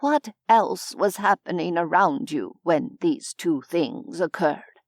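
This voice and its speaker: A genteel, courteous gentleman who explains things slowly and formally, as a woman narrator voices him. The voice drops a bit lower and softer than her narration, unhurried and calm. The sound is dry and close. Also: dry recording, exaggerated voice. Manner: measured, formal, gently lecturing. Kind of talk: audiobook character voice.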